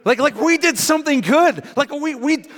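A preacher voicing an excited young male disciple who stammers with eager delight, in a reverberant hall. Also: normal speed. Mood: giddy excitement. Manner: stammering, rising squeaky excitement.

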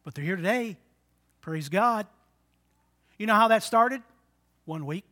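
Pastor in his sixties, high bright voice, preaches with big swings from loud to hushed, asks for amens. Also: lively intonation, unhurried. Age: 60s. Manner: dynamic preaching, swinging between loud exhortation and quiet, low asides; call-and-response with the congregation. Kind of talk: sermon.

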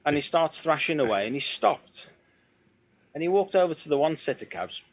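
A man, a guitar tech guest, telling rambling road stories in casual chat and dropping into quick impressions. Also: a little high, big pitch swings, highs cut off, background noise.

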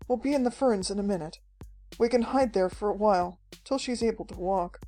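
A woman's voice: medium pitch, brisk, mellow, soft background music, close to an everyday voice, rough recording. A woman voicing a frantic elderly male professor who chatters and pants as he talks. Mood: urgent. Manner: chattering, panting.

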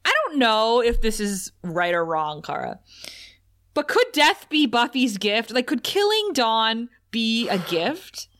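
A woman's voice: a little high, sing-song, measured pace, fairly bright tone. A woman co-hosting a podcast, chatting casually about a TV episode in a wry, joking way and laughing often. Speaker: podcast co-host. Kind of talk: casual chat recapping a TV episode.

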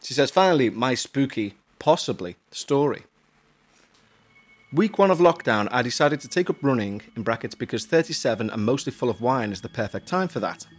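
A man's voice: mid-range voice, lively intonation, normal speed, husky. A man from Huyton, co-hosting a podcast and reading listener emails aloud in a chatty, jokey way with self-mocking asides. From Huyton, Merseyside, England.

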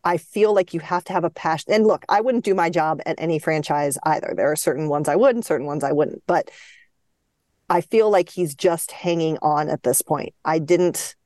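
A woman with a low voice co-hosting a sports podcast. She weighs her opinions thoughtfully in casual chat, and the sound is dry and close. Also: normal speed, a little mellow, no room sound. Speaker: podcast co-host.

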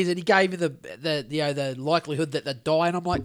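High-voiced New Zealand man rambling. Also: fast talker, no echo, clean studio sound. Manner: rambling, animated storytelling with swearing. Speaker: podcast co-host. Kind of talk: casual chat.

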